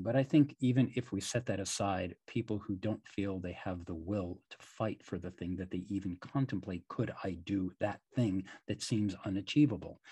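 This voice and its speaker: Man, podcast host, husky, low pitch, reflective, measured. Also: darkish tone, dry recording. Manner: measured, thoughtful, long framing questions. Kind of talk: reflective interview questions.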